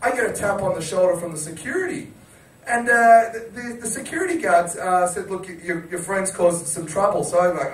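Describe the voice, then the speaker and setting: A man's voice: high-pitched, fairly quick, reverberant, distant mic, low-quality recording. A man on a chat show, telling a story casually, laughing and acting out quotes. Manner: animated, laughing, acts out quotes. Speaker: wrestling chat show guest.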